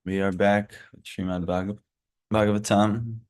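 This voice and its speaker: A man with hiccups giving a casual scripture lesson, halting often with fillers and restarts. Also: on the low side, level tone. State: has hiccups. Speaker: scripture class teacher.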